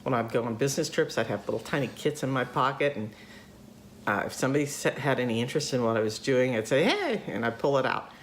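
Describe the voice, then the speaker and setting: A woman's voice: very deep voice, fast talker, a little hiss or hum. An older woman hosting a casual chat, talkative, laughing often and acting out voices in her stories. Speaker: host.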